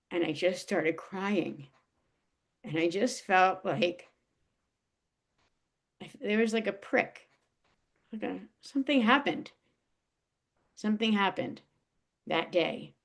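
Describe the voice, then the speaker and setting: A woman telling an emotional personal story in a casual, halting way, with many restarts and fillers. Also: mid-range voice. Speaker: guest.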